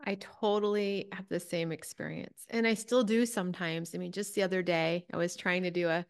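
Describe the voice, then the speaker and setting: A woman hosting an interview, animated and chatty, sometimes acting out her own reactions. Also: on the low side, normal speed, creaky, clean tone. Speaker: podcast host. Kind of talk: conversational interview.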